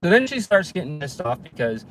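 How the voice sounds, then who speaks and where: A man's voice: on the high side, very animated, a little fast, slight background noise. A man telling an exasperated story about a difficult client in a casual vlog rant, swearing casually and restarting his sentences often. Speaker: handyman vlogger.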